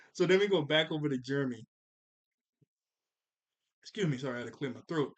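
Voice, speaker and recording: A man's voice: fairly high pitch, animated, brisk, dull audio. A man casually recapping a cartoon episode scene by scene, laughing often as he goes. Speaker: cartoon reviewer.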